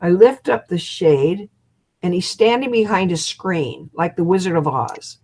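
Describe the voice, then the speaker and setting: An older woman in her seventies, a hypnotist guest, telling an animated story over a video call. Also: fairly low pitch, a little slow, husky. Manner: lively storyteller who acts out quotes and laughs.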